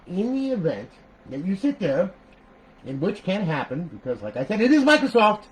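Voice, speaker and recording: A man walking viewers through a modded game console setup in a casual, talky tutorial, checking in with "okay?" after nearly every step and breaking into animated outbursts. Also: medium pitch, slight background noise, low-quality recording. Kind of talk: casual screen-recorded tutorial.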